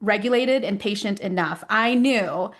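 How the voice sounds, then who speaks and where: A woman in her thirties co-hosting a casual parenting podcast, telling stories with lively acted-out quotes. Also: measured pace. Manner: animated storyteller, acts out quotes with rising pitch. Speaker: podcast co-host.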